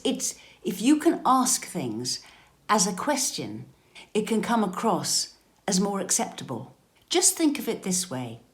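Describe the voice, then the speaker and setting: A British woman coaching step-parents in a calm, measured, gently instructive advice talk. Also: on the low side.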